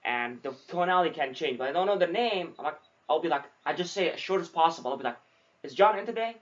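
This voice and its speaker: Fast-talking young man, dull lo-fi sound. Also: on the high side. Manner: swears freely, says dude often, animated storytelling. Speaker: podcast host, new salesman. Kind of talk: casual chat.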